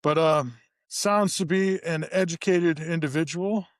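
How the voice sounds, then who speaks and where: A middle-aged podcast co-host rants casually in the studio, telling stories in a profane, animated way with sudden pitch jumps. He speaks a little slowly, and the recording is dry with clean studio sound.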